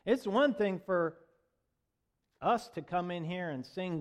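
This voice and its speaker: A male pastor delivering a sermon in a fairly high voice at an unhurried pace. He surges into loud, ringing proclamations, then drops to hushed, tender phrases.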